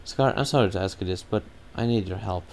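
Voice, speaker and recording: A man's voice: fairly low pitch, fast, darkish tone, close to an everyday voice. A man voicing a kind, earnest young bird-girl attendant while reading game text aloud.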